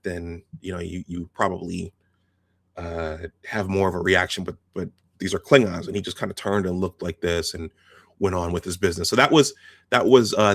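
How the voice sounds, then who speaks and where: A man's voice: low voice, gravelly, fairly bright tone, no echo, studio quality. A man hosting a video, casually recounting film scenes step by step and quoting the lines as he goes. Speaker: host.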